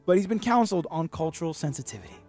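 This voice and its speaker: A man's voice: fairly high pitch, rapid-fire, soft background music. A man hosting a podcast, raised in Miami, giving sarcastic, profane comedic commentary on the news. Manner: animated, sarcastic, swears a lot. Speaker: podcast host.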